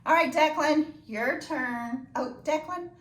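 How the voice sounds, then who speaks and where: A woman teaching a phonics lesson to children, slow and encouraging with sing-song praise. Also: high voice. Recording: echoey room, voice from a distance.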